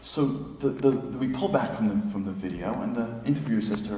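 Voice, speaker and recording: A middle-aged man giving a lively storytelling lecture, emotional and self-mocking, full of casual fillers. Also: medium pitch, fairly quick, a little hiss or hum. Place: synagogue hall. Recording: echoey hall from far off.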